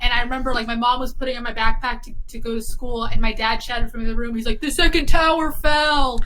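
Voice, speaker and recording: Chatty, teasing woman podcast co-host; high, bright tone, faint background noise. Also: monotone, fast talker. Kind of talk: casual chat.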